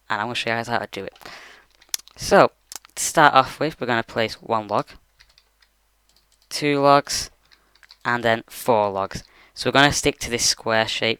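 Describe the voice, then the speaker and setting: Bright, crisp-voiced man explaining casually. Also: mid-range voice, no echo. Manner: rambling, many fillers like "you know" and "like". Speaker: game tutorial maker. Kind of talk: casual screen-recorded tutorial. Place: his bedroom at the computer.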